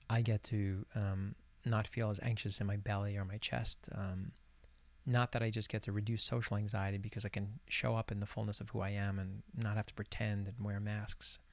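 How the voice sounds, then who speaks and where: A man in his late forties hosting a guided reflection, talking softly and earnestly to the camera. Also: lowish voice. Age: 40s. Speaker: self-help video host. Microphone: camera recording alone.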